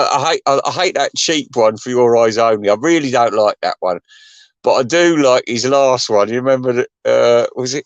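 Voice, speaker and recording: A middle-aged man ranting on his channel in a crude, mocking, rambling way, often laughing and jumping up in pitch when he gets excited. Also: no room sound. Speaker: vlogger. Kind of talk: rambling profane rant.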